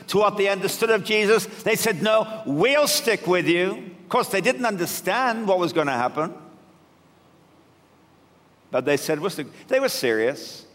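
A man preaching with a fairly high voice, retelling a story with humor and lively shifts of tone. His words ring through a hall with a long reverb. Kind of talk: sermon.

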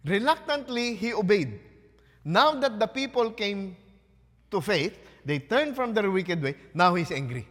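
A man with a Filipino accent preaching a sermon, questioning his congregation with quick Tagalog asides. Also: high-pitched, sing-song, fairly bright tone, big-room sound. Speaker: pastor.

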